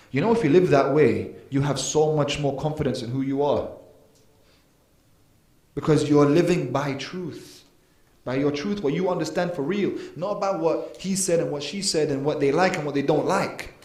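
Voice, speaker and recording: A man's voice: on the high side, moderate pace, darkish tone. Emphatic man preaching in an echoey hall. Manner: earnest, emphatic, with sudden rises and drops in volume. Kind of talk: mosque lecture. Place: mosque hall.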